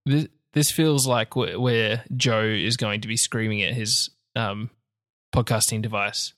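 A man's voice: on the low side, steady tone, a little slow, a bit bright, dry recording. A man co-hosting a casual tech podcast with a joking, dry wit. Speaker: podcast co-host.

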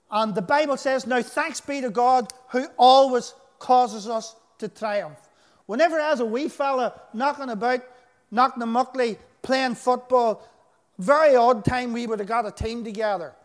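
A man's voice: extremely high pitch, moderate pace. A man with a Northern Irish accent preaching a sermon, telling stories with emphatic delivery. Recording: echoey hall.

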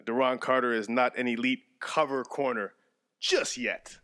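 A man co-hosting a sports podcast in casual chat, animated and jokey, breaking into mock play-by-play. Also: medium pitch, moderate pace. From Canada. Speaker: podcast co-host.

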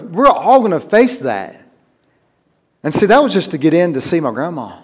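A man's voice: a little high, very animated, normal speed, husky. Man preaching a story-driven sermon. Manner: conversational storytelling, rising to emphatic urgency.

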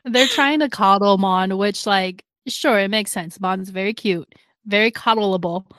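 A woman's voice: medium pitch, a little slow, fairly bright tone, no room sound. A woman co-hosting a casual chat, recapping a drama and acting out the characters' lines. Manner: chatty, laughs often, acts out characters' lines. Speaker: podcast co-host recapping a drama.

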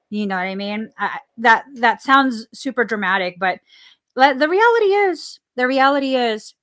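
A woman's voice: fairly high pitch, fairly bright tone. A woman hosting a casual spiritual podcast, talking earnestly and repeating phrases for emphasis. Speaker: podcast host. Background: coffee sips between remarks.

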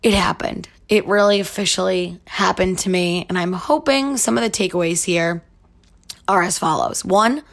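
A woman's voice: fairly low pitch, normal speed, gravelly. A young woman hosting a podcast, telling a candid story in a chatty way full of likes and you-knows. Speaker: podcast host. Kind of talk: casual storytelling monologue.

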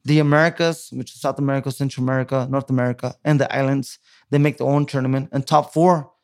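A man in his thirties, from California, talks through his past in a relaxed interview. His voice has a gravelly edge, and he rambles with frequent restarts and fillers. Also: medium pitch, quick pace. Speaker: guest. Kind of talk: casual storytelling interview.

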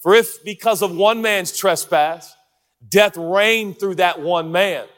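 Brief: male pastor, slightly high voice, excitable and playful, jokey sermon delivery with sudden loud bursts. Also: slow. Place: large church auditorium.

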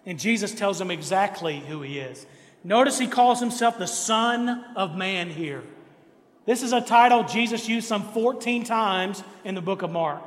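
A man's voice: high voice, moderate pace, a bit bright. A man pastor preaching a sermon to his church, emphatic, driving home repeated refrains. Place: church sanctuary. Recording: reverberant church hall.

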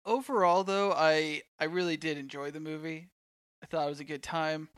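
A man co-hosting a podcast, talking through a film in a relaxed, thoughtful way with plenty of "like" fillers. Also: on the high side, normal speed, clear, resonant tone, dry recording, studio quality. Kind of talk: casual movie discussion.

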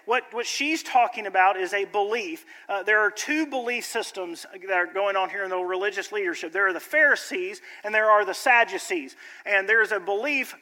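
A man's voice: high-pitched, moderate pace, few pauses, sharp tone. A pastor preaching a sermon to his church, conversational and joking, then building to emphatic appeals. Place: church sanctuary. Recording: long church hall reverb.

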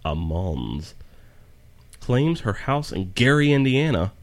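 A man's voice: mid-range voice, big pitch swings, slow. A man hosting a casual podcast chat, rambling and joking as he reads aloud from his notes with stumbles. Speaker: podcast host.

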